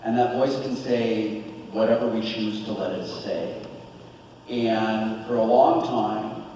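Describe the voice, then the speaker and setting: A man's voice: on the low side, slow, distant mic, a little hiss or hum. Earnest man in an echoey hall. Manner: earnest, open and animated. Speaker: convention panel guest. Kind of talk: candid panel talk. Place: large convention hall.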